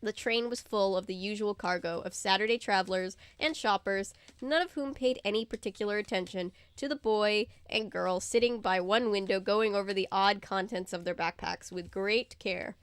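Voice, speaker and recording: A woman's voice: mid-range voice, normal speed, few pauses, clear, resonant tone, no echo. Chatty woman reading a novel aloud. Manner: animated, chatty asides, stumbles while reading. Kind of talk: casual read-aloud with chat.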